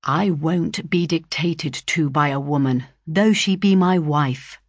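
A woman reading the part of a sulky, defiant young gentleman who turns indignant, muttering some lines. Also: deep voice, slow, dry recording, studio quality.

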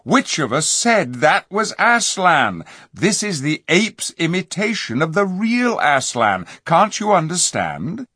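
A man's voice: on the high side, big pitch swings, takes it slowly, fairly bright tone, dry recording, clean studio sound, voice pushed up, full character voice. A man voicing a proud, hot-tempered young king who speaks in a formal, lofty way. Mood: indignant.

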